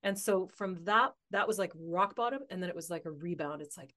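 A woman telling a personal story as a podcast guest, animated and laughing often as she talks. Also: lowish voice, brisk. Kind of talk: casual conversational storytelling.

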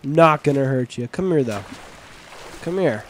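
A young man hosting a let's-play video, joking with viewers in bro slang and yelping loudly at every scare. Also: mid-range voice, a little slow, pauses often, slight background noise. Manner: excitable, yelps and shrieks at scares. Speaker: gaming video host.

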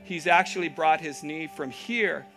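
A man's voice: fairly high pitch, unhurried, bright, forceful tone, soft background music. A man teaching a live yoga class, giving encouraging cues, checking in with "okay?", and making playful asides.

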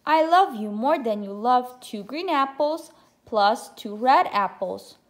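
A woman voicing a gentle, loving mother bear in a children's storybook, speaking tenderly. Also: fairly high pitch, expressive, takes it slowly.

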